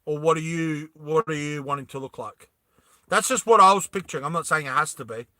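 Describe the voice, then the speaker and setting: A man casually telling a story to his live chat, animated, laughing often and acting out the characters. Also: a little high, a little fast, no echo, studio quality.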